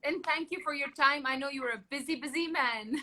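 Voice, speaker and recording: A woman's voice: high voice, a little fast, sharp tone, poor audio. A woman hosting an interview show, speaking eagerly and admiringly, with a few stumbles. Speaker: host. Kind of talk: hosted interview chat.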